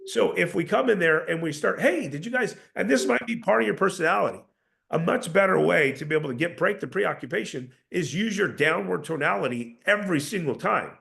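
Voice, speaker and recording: A man's voice: fairly high pitch, lively intonation, a little fast, creaky, fairly bright tone. A man teaching salespeople in a coaching style, repeating points and demonstrating tones of voice. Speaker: sales trainer. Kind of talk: motivational sales lesson.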